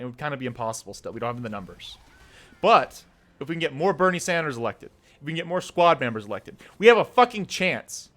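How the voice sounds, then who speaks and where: A man's voice: mid-range voice, fairly bright tone. A man in his twenties ranting about politics, heated and swearing, sometimes dropping into a weary plea. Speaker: streamer. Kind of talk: political rant.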